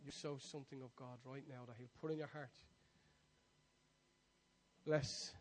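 A man pastor preaching a sermon, swinging from soft confiding asides to loud shouted prayer lines for the congregation to repeat. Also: medium pitch, steady tone, quick pace, slight background noise. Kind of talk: sermon with call-and-response prayer.

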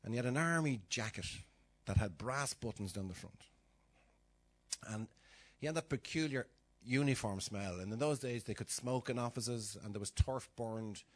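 A man's voice: mid-range voice, normal speed. A middle-aged man preaching a sermon, telling stories with acted-out voices and sudden drops to a whisper. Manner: animated storytelling, acting out voices, dropping to whispers.

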